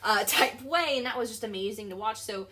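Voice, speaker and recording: A young adult woman, an accessibility advocate, is an interview guest talking casually and animatedly, emphatic and full of fillers. Her voice is on the high side, pushed and bright, and she speaks fairly quickly.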